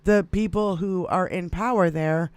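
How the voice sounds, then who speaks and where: A man with a high, clear voice rants and swears through a casual political talk show, laughing often as he goes. The sound is dry and close, with no room around it. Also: unhurried, no room sound. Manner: swearing, animated, laughing a lot. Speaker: podcast co-host. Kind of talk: profane political rant.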